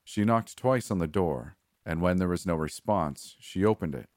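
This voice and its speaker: A man giving a measured, steady scripted narration of a horror story. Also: low-pitched, no echo, studio quality.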